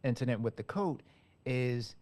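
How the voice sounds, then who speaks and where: A man interviewing a guest in a casual conversation, speaking haltingly with many restarts and fillers. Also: medium pitch, animated, darkish tone.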